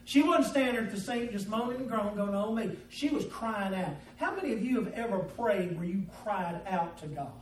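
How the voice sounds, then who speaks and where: A man preaching a sermon, telling homespun stories and swinging between loud and quiet. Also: high-pitched, lively intonation, normal speed, few pauses, a little hiss or hum. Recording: echoey room, mic at a distance.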